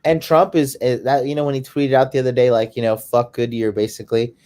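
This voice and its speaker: A man's voice: medium pitch, fast talker, clean tone. Crude, mocking male podcast co-host. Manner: crude, mocking, animated storytelling. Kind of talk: casual chat.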